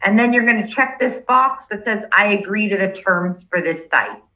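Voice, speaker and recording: Bright-voiced woman instructor on a call. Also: mid-range voice, normal speed, lo-fi sound. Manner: patient step-by-step, checks in with "okay?". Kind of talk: online class walkthrough. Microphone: video call.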